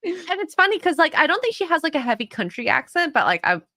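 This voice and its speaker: Giggly bright-voiced Canadian woman host. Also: high-pitched, fast, dry recording, clean studio sound. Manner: giggly, animated, reacts with gasps. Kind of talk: casual livestream chat.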